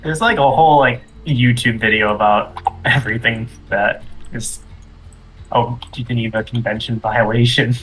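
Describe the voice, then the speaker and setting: A man of middle pitch adds dry, deadpan asides while playing a tabletop game. His casual chat sits over faint background music. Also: moderate pace, low-quality recording. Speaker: player.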